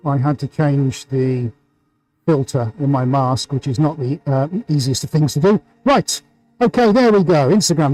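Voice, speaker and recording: A British man with a fairly high but warm, mellow voice hosts a live painting stream. He chats to his viewers in an upbeat, excitable way, piling on superlatives, with faint music underneath. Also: poor audio. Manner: upbeat, enthusiastic, full of superlatives. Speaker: artist hosting a painting livestream. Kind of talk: livestream commentary.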